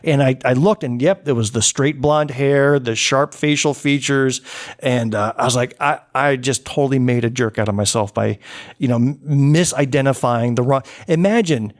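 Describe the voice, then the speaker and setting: A man's voice: medium pitch, normal speed. A man hosting a podcast, telling a self-deprecating story in casual chat and chuckling often. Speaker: podcast host.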